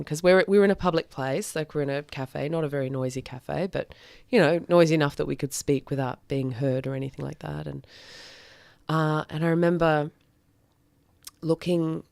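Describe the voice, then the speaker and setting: A young woman tells her own story as a podcast guest, frank and reflective, often pausing on fillers. Her voice sits on the low side. The recording is dry, close and without echo. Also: steady tone, gravelly, a little mellow. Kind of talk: candid personal storytelling.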